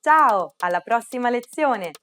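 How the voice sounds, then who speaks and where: Woman presenter, animated melodic delivery, clear and upbeat. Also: on the high side. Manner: upbeat, clear, speaks target words slowly. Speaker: language teacher. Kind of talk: scripted lesson narration.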